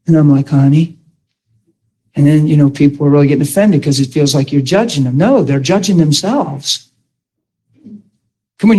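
A man with a high, slightly mellow voice preaches to a class in a sermon-style talk. He's emphatic and keeps asking rhetorically whether his listeners are following him.

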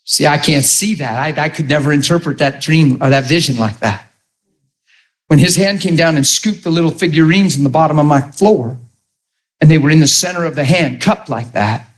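A middle-aged man preaching a sermon, telling stories with animated emphasis. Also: on the high side. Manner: animated, rises to near-shouting when retelling a story. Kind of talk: sermon storytelling.

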